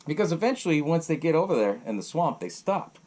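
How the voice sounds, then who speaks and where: Lively, profane man recapping a movie. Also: fairly high pitch, fast talker. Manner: animated, profane storytelling with frequent laughs. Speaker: podcast host.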